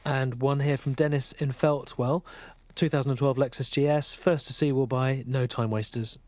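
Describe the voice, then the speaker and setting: A man's voice: mid-range voice, steady tone, moderate pace, darkish tone, no room sound, lightly acted. An actor playing a dry, matter-of-fact male radio sidekick who reads out figures and listener texts. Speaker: radio co-host.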